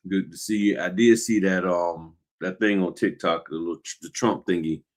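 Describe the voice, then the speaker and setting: A man's voice: low-pitched, fairly even intonation, normal speed. A man hosting a casual livestream about the notary business, slightly winded, greeting viewers by name while he works on paperwork. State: a little winded.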